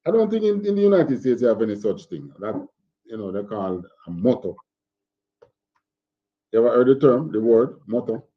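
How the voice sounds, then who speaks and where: A man teaching an online scripture class over a video call, halting and repeating words as he asks questions. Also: mid-range voice, sing-song, lo-fi sound. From Jamaica. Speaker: religious teacher.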